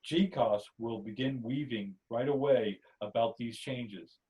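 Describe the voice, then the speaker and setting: A man hosting a podcast, reading a spiritual story aloud in a steady second-person telling. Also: medium pitch, a little slow, distant mic, poor audio. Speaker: podcast host, story narrator. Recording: voice somewhat off-mic.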